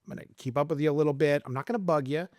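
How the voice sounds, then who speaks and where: A man's voice: a little high, rapid-fire, dry recording, clean studio sound. A middle-aged man from Arizona, a realtor who talks through sales tactics in casual conversation and acts out his calls with clients. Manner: animated storyteller, acts out sales calls in lively voices. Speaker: realtor guest. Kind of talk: casual podcast interview.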